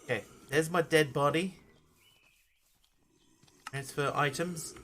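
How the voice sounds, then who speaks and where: A man's voice: a little high, slow, fairly bright tone, a little hiss or hum. A man streaming a game live, chatting casually and greeting viewers while he plays. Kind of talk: live gameplay commentary.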